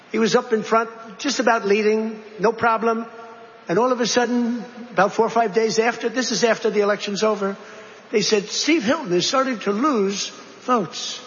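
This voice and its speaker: A man delivers a loose, digressive speech in a high-pitched voice, circling back to repeat himself and tossing rhetorical questions at the room. The sound is muffled and lo-fi, with a long reverb tail from a large hall and a faint hiss underneath. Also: fairly bright tone. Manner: digressive, repetitive, conversational asides and rhetorical questions. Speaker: politician addressing a crowd. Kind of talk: rambling campaign-style speech. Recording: dull, reverberant hall recording with faint noise.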